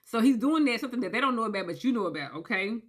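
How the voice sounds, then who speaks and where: A woman giving a casual explainer, emphatic and animated, often checking in with "okay?" and acting out quoted voices. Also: on the high side, rapid-fire, husky. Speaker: commentator on narcissistic abuse. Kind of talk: casual talking-head explainer.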